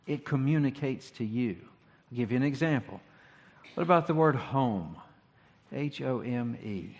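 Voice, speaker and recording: A pastor giving a sermon, talking in a conversational, reflective way with rhetorical questions. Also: male voice, mid-range voice, vocal fry, a little mellow. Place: church sanctuary. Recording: long hall reverb.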